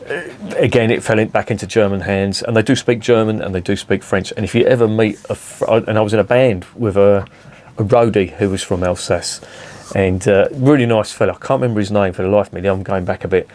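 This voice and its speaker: A man's voice: on the low side, a little fast, darkish tone. A man in his fifties reviewing beer in a casual, rambling, sweary chat full of digressions.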